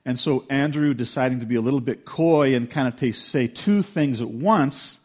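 A man giving a sermon, chatty and storytelling rather than formal. His voice sits at an ordinary middle pitch for a man. He often acts out what people said with lively shifts. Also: normal speed. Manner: conversational storytelling with lively acted-out quotes. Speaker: pastor.

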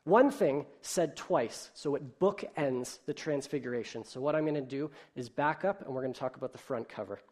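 A pastor preaching a sermon in an explanatory, conversational way, animated when he reads a children's story aloud. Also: mid-range voice, moderate pace, few pauses.

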